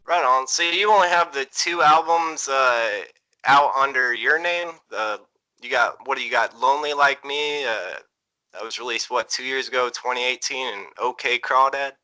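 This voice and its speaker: A man's voice: medium pitch, moderate pace, sharp tone, rough recording. A man hosting a casual interview, laid-back and loose, swearing casually as he talks. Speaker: interview host.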